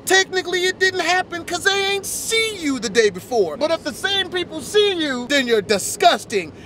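A man's voice: very high-pitched, sing-song, crowd noise. A young man hosting a casual vlog from a car, joking and teasing his friends. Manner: joking, teasing, quick comebacks. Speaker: vlogger host.

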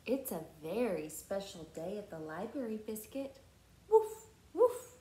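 A woman teacher reading a picture book aloud to young children in a slow, gentle and lively way. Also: medium pitch, a little hiss or hum. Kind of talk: storybook read-aloud for children. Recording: roomy echo.

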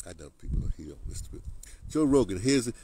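A man's voice: medium pitch, big pitch swings, fairly quick, warm tone, slightly rough, low-quality recording. A man delivering a rambling political rant, repeating words and restarting often. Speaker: political commentator. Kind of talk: ranting monologue.

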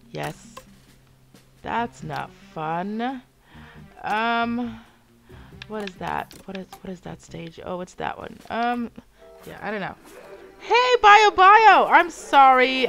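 A young woman commentating her live game stream, muttering quietly and then yelling at teammates. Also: medium pitch, creaky. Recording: game music behind voice.

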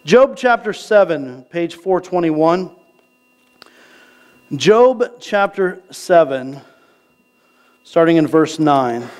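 A male pastor preaching a sermon in a casual, conversational way, often checking in with the congregation and slowing down to read scripture. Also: on the high side, expressive, a little mellow, clean tone. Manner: conversational preaching, asks the crowd "right?"; reads scripture slowly. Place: church sanctuary.

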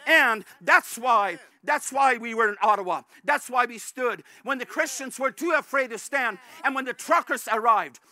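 A male pastor preaching a fervent sermon, repeatedly addressing the congregation as brethren and rising to shouts at the peaks. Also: very high-pitched, normal speed, hardly any pauses. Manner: rises to shouts at climaxes.

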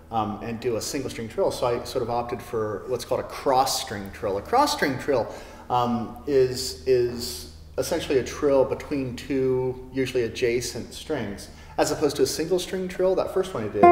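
A man giving a relaxed classical guitar lesson, with many fillers as he talks. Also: medium pitch. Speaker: guitar teacher. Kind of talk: video lesson. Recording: roomy studio with long reverb. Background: classical guitar playing.

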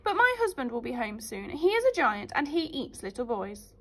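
A woman's voice: on the high side, big pitch swings, moderate pace. A woman doing a giant's wary wife.

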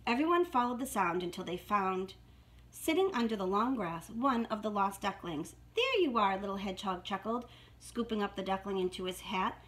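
A woman's voice: medium pitch, expressive, normal speed, fairly bright tone, slight background noise. A woman reading a storybook aloud to young children in a sing-song manner.

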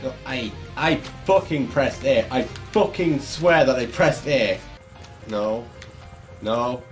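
A man's voice: mid-range voice, expressive, slow pace, soft background music. A young man giving frustrated, swearing let's play commentary while gaming. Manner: frustrated, swearing, shouting at the game. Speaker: gaming YouTuber.

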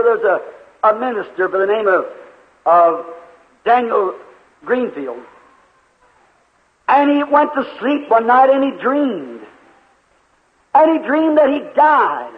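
A high-voiced man preaches a revival sermon, acting out the people in his story as he goes. The old recording sounds thin and tinny, like a phone line, and his voice rings through a long hall reverb. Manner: dramatic storytelling, voicing the characters in his story, rising to shouts.

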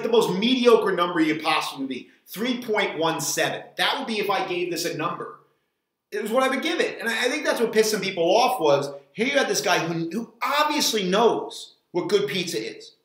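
Guy in his 40s, kinda high voice, rambles and trips over his words, roomy echoey sound. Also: fairly bright tone. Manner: rambling, halting, restarts often. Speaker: frozen pizza reviewer. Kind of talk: casual review vlog. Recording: roomy echo.

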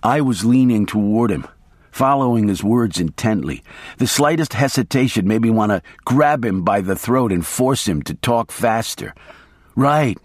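A man narrating a novel in the first person, reading in a measured, steady way. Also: on the low side, breathy edge, no room sound, studio quality. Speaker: audiobook narrator.

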